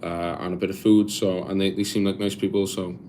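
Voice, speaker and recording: Low-voiced young Welsh man streaming. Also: flat delivery, darkish tone, a little hiss or hum. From Wales. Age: 20s. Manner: rambling, halting, with frequent restarts. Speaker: live streamer. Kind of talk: casual live stream chat, reading viewer comments aloud.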